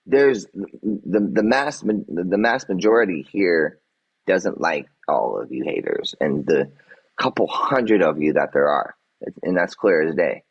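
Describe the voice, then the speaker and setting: A man's voice: deep voice, expressive, unhurried, husky, muffled recording. An agitated man on a livestream answering his chat, defensive and swearing, repeating himself as he vents. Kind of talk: livestream rant.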